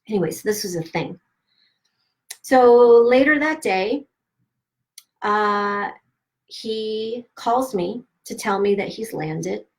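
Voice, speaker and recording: A middle-aged woman hosting a live stream, candidly telling a painful personal story with emphatic, swearing, animated delivery and quoted dialogue. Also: mid-range voice. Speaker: host of a self-help live stream.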